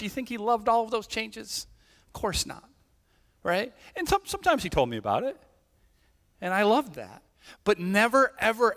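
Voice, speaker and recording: A man preaching in a relaxed, chatty way, his fairly high voice carrying through a church hall with a long echo. He keeps checking in with the congregation and restarts his sentences as he goes. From Irish family background. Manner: conversational, tag questions, many restarts. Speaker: pastor. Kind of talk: sermon. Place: church sanctuary.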